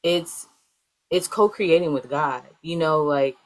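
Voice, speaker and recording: A woman's voice: deep voice, slow, poor audio. A young adult woman guest speaking in a casual interview, rambling with many fillers. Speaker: guest, healer.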